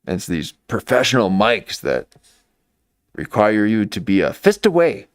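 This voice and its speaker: A man's voice: lowish voice, sing-song, unhurried, no echo, clean studio sound. A man giving rambling, mocking live-stream commentary into a desk microphone. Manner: mocking, meandering, full of restarts.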